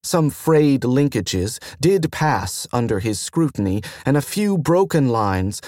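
Slow, measured male audiobook narrator. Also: medium pitch, no echo, clean studio sound. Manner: measured, even reading. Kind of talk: scripted narration.

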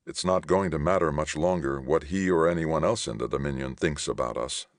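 An angry colonist man, as a male reader voices him, snapping in a raised, indignant voice. The voice has a gravelly edge beneath its heat. It sounds close and dry. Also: extremely low pitch, brisk, no room sound. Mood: grim. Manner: raised, sharp, indignant delivery.

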